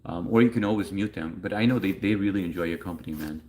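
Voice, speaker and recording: A man's voice: sits low, fast talker, darkish tone. A young man hosting a livestream in a casual, rambling way, reading chat messages aloud and answering them.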